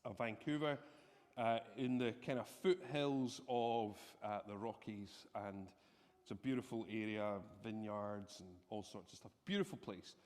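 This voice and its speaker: A man preaching a sermon, telling a personal story in an animated, self-deprecating way. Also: lowish voice, unhurried. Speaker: pastor. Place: church hall. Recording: long reverb from a church hall.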